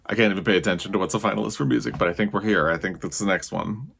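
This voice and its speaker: A young man, a book vlogger, reacting live to an announcement, nervous and excitable, talking in breathless bursts. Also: lowish voice, very fast, gravelly.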